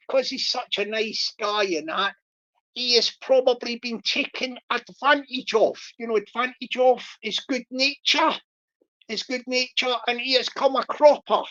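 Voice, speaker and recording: A woman hosting a livestream, rambling and repeating herself as she mock-scolds and gives shout-outs. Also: fairly high pitch, dull audio. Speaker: livestream host.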